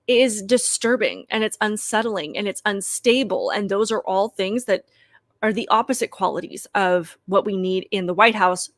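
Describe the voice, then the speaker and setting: A woman's voice: medium pitch, fairly bright tone, no room sound. Dry-voiced woman giving opinionated commentary. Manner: emphatic and critical, addresses viewers directly. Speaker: political commentary host.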